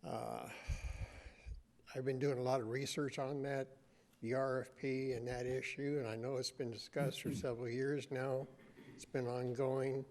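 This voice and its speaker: Polite man making a measured public comment. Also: mid-range voice, level tone, a little mellow. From United States. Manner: measured, polite, with frequent "uh" pauses. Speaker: resident giving public comment. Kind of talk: public comment at a council meeting.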